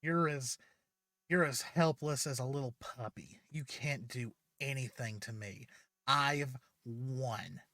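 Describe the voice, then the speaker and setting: A man's voice: medium pitch, slow pace, bright, forceful tone, no echo, clean studio sound. A man reading the lines of a cruel, taunting male villain in a retold fan story. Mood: gloating. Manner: gloating, menacing taunts.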